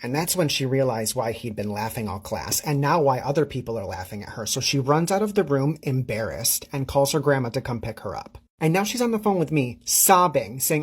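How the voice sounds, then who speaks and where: A man's voice: mid-range voice, very animated, a little fast, few pauses, husky. A man telling a comedic story in a sassy, gossipy way.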